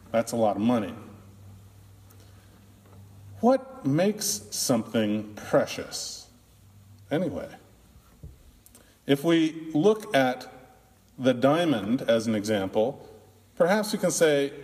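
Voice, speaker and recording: A man who is a minister, preaching a sermon in a slow, deliberate way with long pauses, in what sounds like a church. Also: medium pitch, darkish tone. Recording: long reverb of a large hall.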